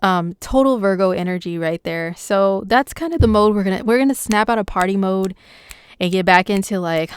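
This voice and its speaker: Chatty woman astrologer, crisp dry voice. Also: mid-range voice, normal speed, no echo. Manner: chatty, excitable, slangy. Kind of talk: casual horoscope vlog.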